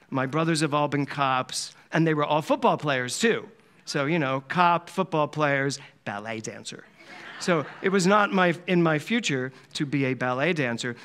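A Philadelphia minister delivers a Sunday sermon in a church service hall, telling stories in a chatty, conversational way and laughing often. His voice is fairly high-pitched with a fairly bright tone.

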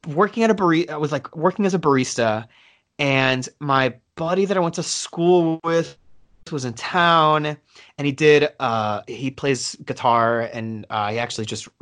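A man co-hosting a casual chat podcast, telling a long story in a loose, wandering way. His speech is full of fillers, restarts and swearing, at an everyday middle pitch. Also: fairly bright tone. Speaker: podcast co-host.

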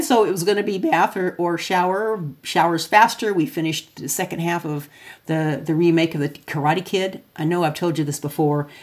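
A chatty woman talking through a casual podcast monologue. Her voice sits a little on the low side, and she laughs easily as she rambles along. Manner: chatty, self-described extrovert, laughs often. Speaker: podcast host.

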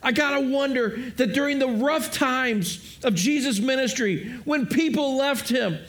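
A man's voice: very high-pitched, a little slow, a bit bright. A man preaching a sermon in an earnest way, often repeating words and speaking directly to his listeners. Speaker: pastor.

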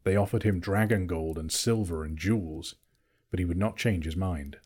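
A man reading a classic children's novel aloud in a measured, storytelling manner. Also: sits low, a little mellow, slightly rough. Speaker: narrator. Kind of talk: audiobook reading.

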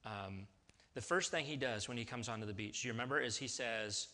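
A man's voice: mid-range voice, a little fast, sharp tone. A man preaching a sermon in a casual, conversational way, with restarts and sudden emphatic rises. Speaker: pastor.

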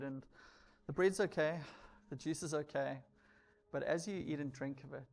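A male pastor with a gravelly, creaky voice, guiding a church through communion. His delivery stays level and steady, with little rise and fall in pitch. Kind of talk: sermon.

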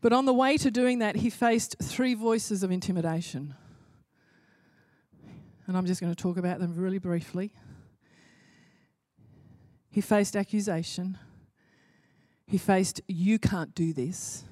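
A woman preaches with rising passion and hammers home her points through repetition. Her voice sits at a middling pitch. The sound is dry and close, with little room reverb. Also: unhurried, pauses often, a little mellow. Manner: impassioned, building to emphatic repetition. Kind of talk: sermon.

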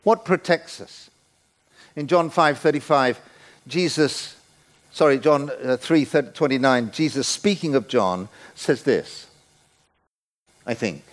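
A man in his sixties preaching a sermon in a church, playful and animated, acting out the voices he quotes. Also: mid-range voice, slow pace, long pauses. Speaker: guest preacher.

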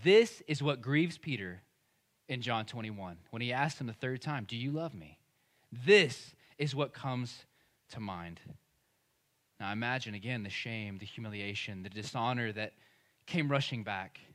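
A man's voice: medium pitch, expressive, a little slow, a bit bright. A man, preaching a sermon as pastor in a conversational, emphatic way. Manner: conversational and emphatic, acting out quoted speech.

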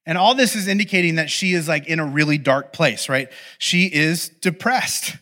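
A male pastor with a high, bright voice gives a relaxed, conversational sermon. He tells the story in an animated, playful way and keeps breaking off for asides to his listeners. His tone stays bright and his delivery stays lively. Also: normal speed.

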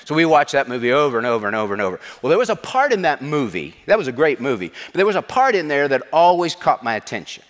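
A man's voice: medium pitch, sing-song, fast talker, hardly any pauses, long reverb tail. A middle-aged man, a pastor, preaching a sermon with emphatic, repetitive delivery.

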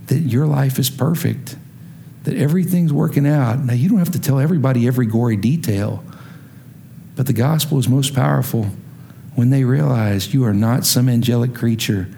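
A pastor reads scripture and speaks to his congregation during a sermon. His pitch climbs on emphatic lines, then drops low and quiet when he makes serious points.

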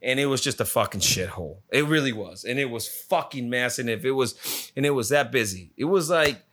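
A man's voice: medium pitch, expressive, a little fast, a bit bright, slight background noise. A man telling a rambling, profanity-filled travel story in a casual, exasperated way. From lives in Phoenix area. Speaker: storyteller recounting a trip.

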